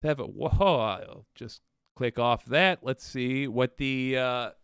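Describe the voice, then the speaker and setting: A young man hosting a political livestream show in a wry, chatty way, with asides and his voice going hoarse. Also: mid-range voice, slow, fairly bright tone, no echo, studio quality. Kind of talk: casual livestream talk.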